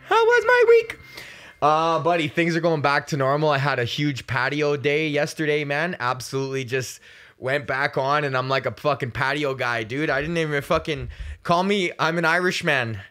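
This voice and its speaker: A man's voice: a little high, fairly even intonation, normal speed, pushed and bright, clear, resonant tone. A young man hosting his own show, talking in a casual rambling monologue, crude and joking with lots of swearing. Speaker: podcast host.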